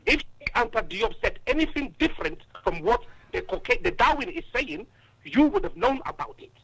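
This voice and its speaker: Guy calling in, high bright voice, gravelly, all over the place pitchwise, phone sound. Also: big pitch swings, moderate pace, rough recording. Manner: casual, lots of "you know" and "yeah". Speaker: caller. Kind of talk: call-in discussion.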